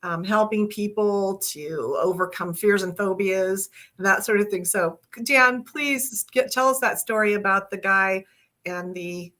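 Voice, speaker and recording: A woman's voice: mid-range voice, a little slow, pushed and bright. A woman hosting an interview series, upbeat and chatty, laughing often.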